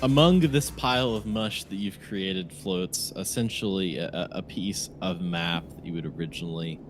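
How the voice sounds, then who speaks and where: A man from Southern Louisiana narrating a tabletop game as game master, halting often with fillers and restarts. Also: deep voice, music in the background.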